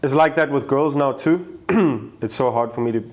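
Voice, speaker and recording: A man's voice: mid-range voice, normal speed. A young man from Africa, a podcast guest talking casually and often repeating words as he searches for phrasing. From South Africa.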